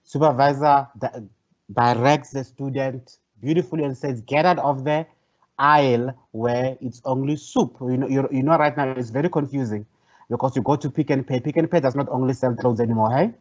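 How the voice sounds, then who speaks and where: A professor gives a workshop lecture over an online call whose audio is dull and lo-fi. He talks a little fast in a medium-pitched, slightly mellow voice, hesitating and repeating phrases in a conversational way.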